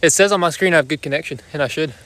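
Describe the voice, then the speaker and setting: A young man with a slightly high voice talks to his viewers on a phone livestream from his backyard. He is out of breath after exercise, and his loose, joking chatter comes with heavy breathing between phrases. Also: rapid-fire, a bit bright, no room sound. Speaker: livestream host. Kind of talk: casual live chat with viewers. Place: backyard outdoors.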